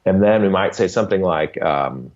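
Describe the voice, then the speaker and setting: A man's voice: deep voice, lively intonation, normal speed, muffled recording. A man, a behavior analyst, patiently explaining concepts as a podcast guest and often checking in with "right?". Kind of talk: conversational explanation in an interview.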